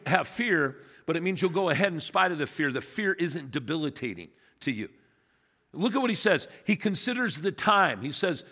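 A man's voice: a little high, bright, forceful tone. A man preaching a sermon as pastor, emphatic and questioning his congregation. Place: church sanctuary. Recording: long reverb of a church hall.

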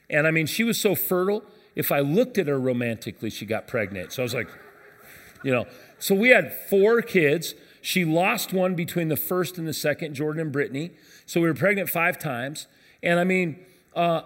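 Man, 50s, pastor, sermon, conversational storytelling, slightly high voice, church hall reverb. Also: a bit bright. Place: church auditorium.

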